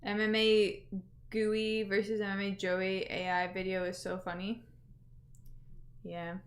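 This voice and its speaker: A woman's voice: mid-range voice, monotone, a little slow. A woman hosting a casual livestream, chatting loosely with many fillers and reading out viewer messages. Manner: chatty, reads out chat messages, lots of fillers. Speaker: livestream host.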